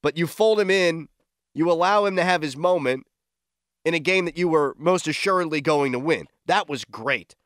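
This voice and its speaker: Excitable sports radio host, man. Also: fairly high pitch, normal speed, no room sound, clean studio sound. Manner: excitable, shouts in disbelief. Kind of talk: morning sports talk radio.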